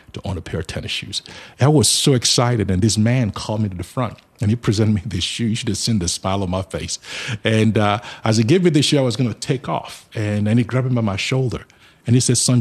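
A middle-aged man from Africa telling his life story as a charity founder in an interview, lively and acting out the people he quotes. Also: on the low side, breathy edge.

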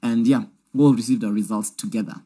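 A man's voice: on the low side, steady tone, fast talker, dark tone, breathy edge. A man hosting a casual chat show, playful and teasing. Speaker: host.

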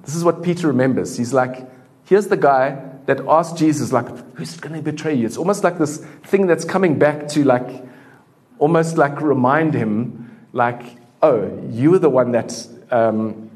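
A man preaching a sermon in a church in a relaxed, conversational way, full of fillers. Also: fairly high pitch, normal speed. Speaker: pastor.

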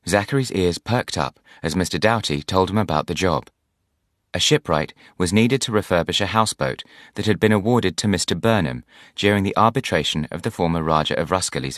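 A man with a very deep voice reads a novel aloud in measured, scripted narration. The recording is dry and close, with no room sound. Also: no room sound. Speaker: audiobook narrator.

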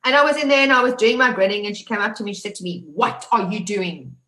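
In a slightly high, racing voice that sounds pushed and bright, a South African woman testifies about surviving. She speaks emphatically, repeating words and starting over many times, while the room adds noticeable echo.

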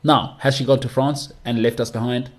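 A man's voice: mid-range voice, steady tone, normal speed. A young man hosting a solo podcast, talking in a chatty, rambling way with mocking asides. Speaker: podcast host.

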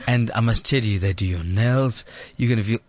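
A man's voice: on the low side, fairly quick. A man hosting a radio show from the studio, teasing and theatrical in a casual chat. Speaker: radio host.

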